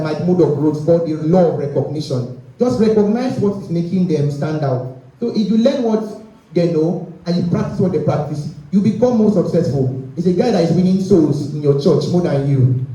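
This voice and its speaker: A man's voice: high-pitched, lively intonation, moderate pace, warm tone. A young man gives a motivational talk to an audience, often checking in with them. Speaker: guest speaker. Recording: echoey room, speaker far from the mic.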